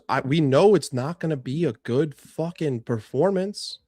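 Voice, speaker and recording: A man's voice: fairly high pitch, lively intonation, a little slow, mellow, no room sound, studio quality. Frustrated young man ranting on stream. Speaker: fan channel streamer. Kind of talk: live stream chat with viewers.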